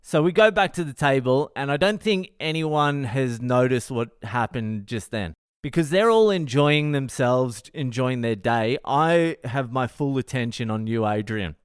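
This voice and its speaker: A man's voice: medium pitch, lively intonation, a little slow, hardly any pauses, clear, resonant tone, no room sound, clean studio sound. A man hosting his own podcast, telling a story in a profane, exasperated way. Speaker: comedian podcast host. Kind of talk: solo storytelling monologue.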